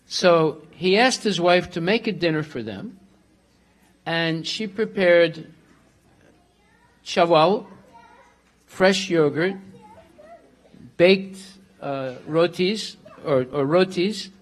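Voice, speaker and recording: Man, high voice, relaxed storyteller, teaching a class, Hindi words mixed in.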